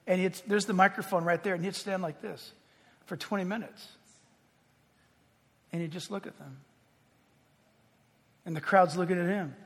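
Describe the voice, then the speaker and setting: A male preacher with a high, husky voice delivers an emphatic sermon. He swings between loud declarations and hushed near-whispers. A long reverb rings around him as if in a large hall. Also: fairly even intonation, moderate pace, pauses often.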